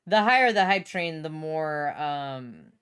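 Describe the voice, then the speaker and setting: A woman's voice: deep voice, animated, slow, fairly bright tone, clean tone. A young adult woman streaming casually from home, bubbly, swearing freely and reading chat aloud.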